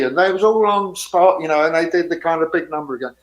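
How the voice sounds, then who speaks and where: A man in his sixties, a guest telling casual, rambling stories with lively rises in pitch. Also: fast. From England. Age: 60s. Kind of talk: casual anecdotes.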